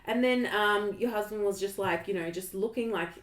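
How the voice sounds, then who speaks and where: A woman's voice: mid-range voice, normal speed, reverberant. A woman guest on a podcast, telling a story animatedly with quoted dialogue and frequent laughter. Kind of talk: casual chat.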